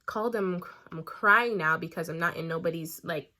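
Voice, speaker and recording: Young woman, bright tone, lively chatty storyteller, casual vlog. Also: on the low side, moderate pace. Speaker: beauty vlogger.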